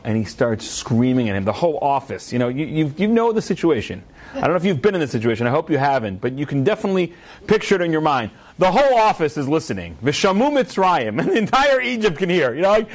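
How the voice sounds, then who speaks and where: High-voiced man telling a story in a class. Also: quick pace. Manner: animated, humorous storytelling. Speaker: rabbi teaching a class.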